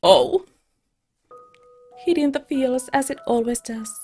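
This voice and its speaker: A fairly high-voiced woman hosts a let's play, talking to her viewers in an excitable, chatty way. Her commentary is casual and upbeat. Game music plays faintly in the background. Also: slow. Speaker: let's play streamer and host.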